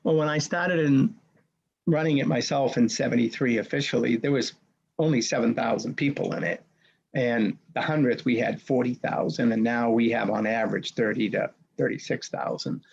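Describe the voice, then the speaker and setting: A man in his sixties, a race director, telling a personal story in a punchy, animated way, acting out the dialogue. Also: mid-range voice, normal speed, creaky, breathy edge, highs cut off. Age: 60s.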